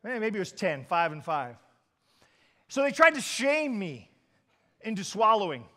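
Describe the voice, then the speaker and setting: A man preaching a sermon as pastor, telling stories animatedly and swinging between loud and quiet. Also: sits high, very animated, unhurried.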